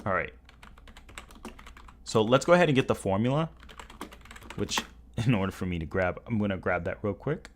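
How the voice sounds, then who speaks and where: A man's voice: on the low side, expressive, moderate pace, pauses often, a little hiss or hum. A man streaming live, talking casually as he works through calculations, often correcting himself, with keyboard typing heard behind him. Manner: rambling, self-correcting, working through math aloud. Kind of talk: casual livestream commentary.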